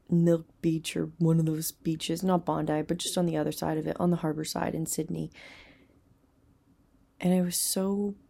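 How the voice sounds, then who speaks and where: A young woman hosting a self-help talk, earnest and rambling, sometimes dropping into soft whispers. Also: lowish voice, vocal fry, slightly rough. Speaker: self-help podcast host. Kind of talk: casual motivational talk.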